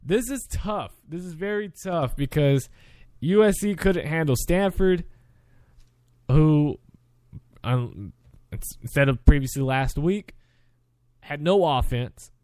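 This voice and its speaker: A man's voice: fairly high pitch, animated, slow, long pauses, darkish tone, dry recording. A young man hosting a sports show, casually running through his game picks, chatty and often correcting himself mid-sentence. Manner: chatty, self-correcting, frequent restarts.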